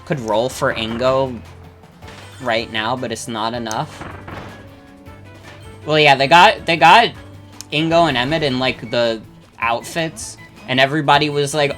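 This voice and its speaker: A young adult streamer talks through a game session in a loose, filler-packed ramble, swearing freely and answering chat. The voice is bright and forward. Game music plays faintly underneath. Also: mid-range voice, measured pace, long pauses. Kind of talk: casual chat while gaming, reading chat.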